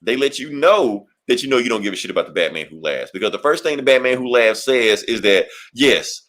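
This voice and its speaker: A man's voice: mid-range voice, expressive, fast, fairly bright tone. A man co-hosting a podcast, recapping a comic in rambling, profane casual chat. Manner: rambling, profane, laughs often. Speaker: podcast co-host.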